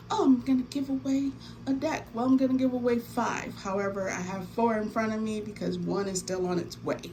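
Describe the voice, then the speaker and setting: A woman hosting a tarot deck giveaway in a casual, animated chat, swearing freely and repeating herself for emphasis. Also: lowish voice, rough recording. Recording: faint background noise.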